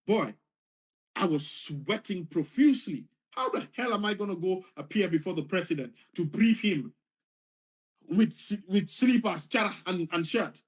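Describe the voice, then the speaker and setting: A man's voice: sits high, expressive, unhurried. A man earnestly retelling a personal story, repeating phrases for emphasis. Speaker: former foreign service official telling his story.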